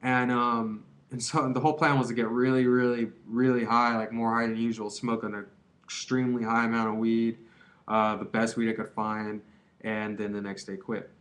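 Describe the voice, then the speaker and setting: A man's voice: medium pitch, flat delivery, normal speed, fairly bright tone. A man in his twenties talking to camera in a casual, confessional way. He rambles and drops a lot of "dude", "man" and "like" as he goes. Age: 20s. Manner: rambling, slangy, many fillers like "dude" and "man". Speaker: vlogger giving advice on quitting.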